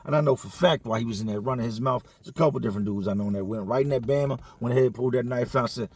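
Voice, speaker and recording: A man's voice: medium pitch, rapid-fire, hardly any pauses, a little mellow, husky. A man telling a story casually, in profane, slangy conversational speech.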